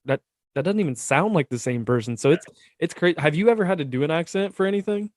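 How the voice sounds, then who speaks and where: Man, podcast host, higher-pitched voice, relaxed and chatty, dry close sound. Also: fast talker, dry recording. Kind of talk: casual interview chat.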